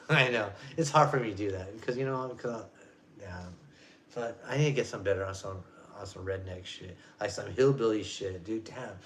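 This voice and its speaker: A man's voice: lowish voice, moderate pace. Profane rambling man in his forties. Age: 40s. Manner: profane, rambling, loose street slang. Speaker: vlogger. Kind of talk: casual rant.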